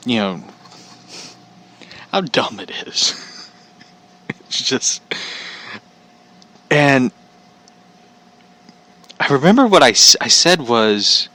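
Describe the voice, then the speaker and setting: A man's voice: medium pitch, big pitch swings, extremely slow, pauses often, bright, forceful tone. A man from Missouri hosting a podcast, ranting casually in a blunt, profane, rambling way. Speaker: podcast host. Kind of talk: casual rant.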